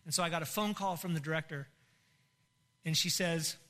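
A man's voice: fairly high pitch, a little fast, pushed and bright. A middle-aged man, a pastor, telling an emotional personal testimony in a sermon, breaking into laughs and near tears. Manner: emotional, tearful storytelling with laughs.

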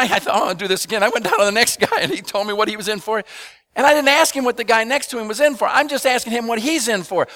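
A man delivers a sermon to his congregation, prompting call-and-response questions and building rhythmic repeated phrases into loud, emphatic bursts. His voice is high, with no room sound.

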